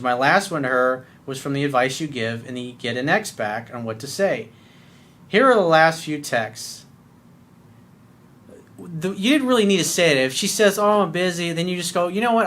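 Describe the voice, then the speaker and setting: A man in the role of a dating coach reads listener emails and answers them in a blunt, profane way. His voice sits a little high, and he slips into whiny pleading voices to mock the writers. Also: fairly bright tone.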